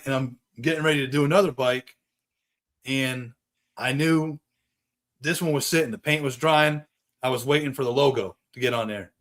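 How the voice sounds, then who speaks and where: A man with young kids, host of a casual chat show, telling a long profane story in a rambling, animated way. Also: mid-range voice. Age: adult with young kids. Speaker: podcast host, custom bike builder.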